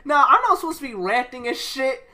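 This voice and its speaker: A woman's voice: high-pitched, expressive, brisk, bright, forceful tone. A woman ranting in a profane video game reaction, swearing constantly and breaking into laughter. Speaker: gaming video creator.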